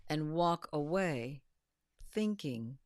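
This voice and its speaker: A woman co-hosting a casual panel chat, telling animated stories and acting out what people say. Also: sits low, slow pace, dry recording, clean studio sound. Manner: animated storyteller who acts out quotes. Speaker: podcast co-host.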